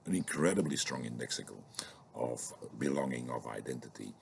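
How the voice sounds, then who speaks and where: A man's voice: extremely low pitch, normal speed, vocal fry, slight background noise. A middle-aged man lecturing informally on sociolinguistics, thoughtful and hesitant, with many fillers and restarts.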